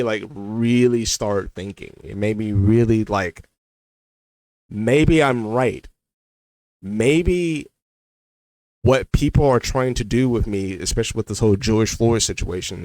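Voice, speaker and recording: A young man speaks straight to his viewers about his own life, drifting from thought to thought with lots of "like" and "you know". His voice sits at an ordinary middle pitch. The sound is dry and close, with no room around it. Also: dry recording, poor audio. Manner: rambling, heavy use of "like" and "you know". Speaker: vlogger. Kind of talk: personal storytelling monologue.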